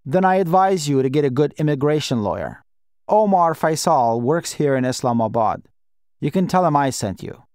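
A man's voice: a little high, lively intonation, moderate pace, darkish tone, clean tone, dry recording, clean studio sound, close to an everyday voice. A man reading aloud and voicing a middle-aged male embassy official who speaks in a cold, clipped, bureaucratic way. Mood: guarded.

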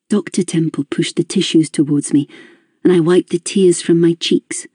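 A woman narrating a first-person audiobook in a measured, introspective way. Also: on the low side, fairly even intonation, mellow, breathy edge, no echo, studio quality.

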